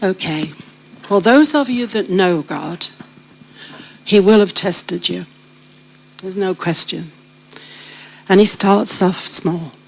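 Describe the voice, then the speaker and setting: A British woman, a guest at a church gathering, shares her faith testimony as a vivid storyteller who addresses listeners directly with questions. Her mid-range voice is slow with vocal fry and long pauses, on a low-quality recording.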